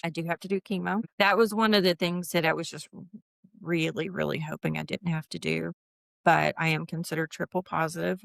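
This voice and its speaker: A woman in her fifties tells her own story as a podcast guest, lively and candid, slipping into the voices of the people she quotes. Her voice sits low with a gravelly edge. The sound is dry and close. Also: no room sound. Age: 50s. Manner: animated, acts out quoted voices.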